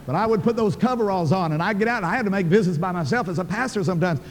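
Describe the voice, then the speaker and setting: A man's voice: high-pitched, rapid-fire, big-room sound, noisy background. An older man preaching a sermon, telling a story in a folksy, emphatic, colloquial way.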